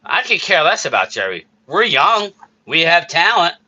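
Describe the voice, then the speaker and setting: Man, high voice, very bright tone, heated casual sports rant, live-stream host. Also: very animated, muffled recording. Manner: heated, worked-up ranting with quick asides to chat. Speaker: streamer host reading chat.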